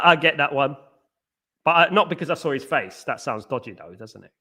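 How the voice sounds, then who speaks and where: A man's voice: fairly high pitch, lively intonation, brisk, bright, forceful tone. A man hosting a live football watchalong stream. He chats casually with viewers and keeps singing playful chant parodies.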